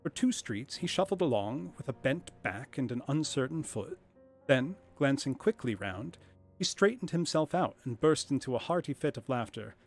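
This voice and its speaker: Guy reading a story out loud on a stream, steady mid pitch, measured, faint music behind. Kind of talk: live-streamed book reading.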